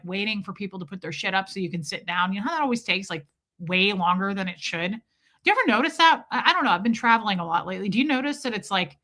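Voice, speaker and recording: Bright, animated woman from Nebraska. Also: medium pitch. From Omaha, Nebraska, USA. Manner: animated, self-deprecating. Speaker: streamer. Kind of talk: casual storytelling on a live stream.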